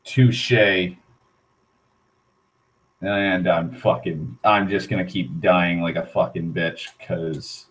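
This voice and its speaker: A man's voice: low voice, steady tone, measured pace, poor audio. A young man giving let's play commentary, muttering and swearing as he plays. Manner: swearing, muttering reactions to the game. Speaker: gaming channel host.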